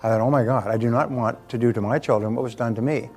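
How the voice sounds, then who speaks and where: A man's voice: mid-range voice, steady tone, quick pace, a little mellow. Older man giving a motivational talk. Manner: conversational, anecdotal, with repeated words and fillers. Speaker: motivational speaker.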